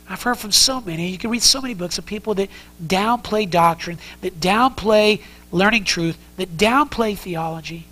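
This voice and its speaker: A man's voice: high voice, sharp tone, rough recording. A man preaching an expository sermon as pastor, earnest and conversational as he explains the text. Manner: earnest, conversational teaching with frequent restarts.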